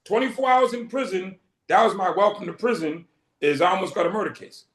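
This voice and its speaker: A man's voice: high voice, brisk. A middle-aged man from Boston telling his story as an interview guest, acting out the dialogue he quotes. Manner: vivid storyteller who acts out quoted dialogue. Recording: roomy echo.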